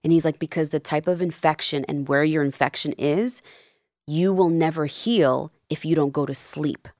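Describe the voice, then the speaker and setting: A woman in her thirties with a notably low voice tells her story in a casual interview. She acts out each quoted exchange with lively emphasis. The sound is dry and close. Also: normal speed, no echo. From Peru and New Jersey. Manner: animated, acts out quoted dialogue. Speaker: podcast guest, life coach.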